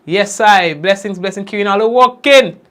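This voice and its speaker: A young man hosting a casual livestream, giving warm shout-outs to commenters by name and drawn-out blessings. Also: high voice. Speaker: livestream news host. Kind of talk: casual livestream chat greeting viewers.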